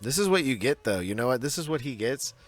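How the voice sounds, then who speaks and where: A man co-hosting a podcast over a video call, chatting casually and laughing a lot while retelling scenes in quick voices. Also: medium pitch, very animated, soft background music. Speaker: podcast co-host. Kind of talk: casual chat.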